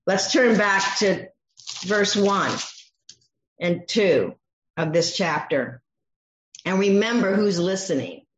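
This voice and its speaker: A woman's voice: medium pitch, animated, slow, pauses often. A woman preaching a sermon, teaching from a Bible passage and acting out the voices she quotes. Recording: echoey dull room sound.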